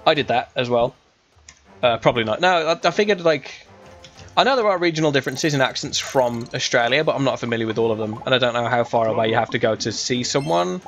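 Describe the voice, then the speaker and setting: Animated and fast-talking, this young man from England streams gameplay with rambling, casual chat full of fillers and restarts in a West Midlands accent. His mid-range voice is fairly bright, the audio dull, with soft music in the background.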